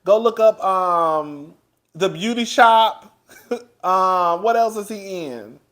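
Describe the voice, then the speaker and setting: Loud, laughing man gossiping slowly. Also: high-pitched. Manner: loud and animated, laughs often; chatty, addresses listeners as girl. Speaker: TV show reviewer. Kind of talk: casual recap commentary.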